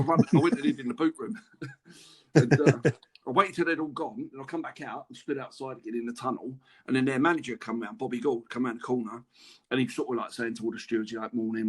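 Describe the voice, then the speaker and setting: Husky and mid-range, the voice belongs to a middle-aged English ex-footballer recounting tales in a casual interview. He's chatty and keeps breaking into laughter mid-story.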